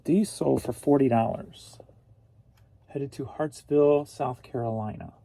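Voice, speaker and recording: A man's voice: medium pitch, a little slow, vocal fry, mellow, dry recording. A man from St. Louis, Missouri, a reseller vlogger chatting casually in a rambling, jokey way. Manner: rambling and jokey, laughs often. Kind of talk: casual chat.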